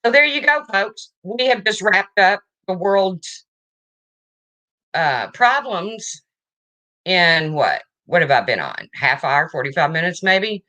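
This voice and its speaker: A woman's voice: on the low side, sing-song, slow, pushed and bright. A woman hosting a casual livestream, chatting and answering viewer comments as they come in. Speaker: livestream host.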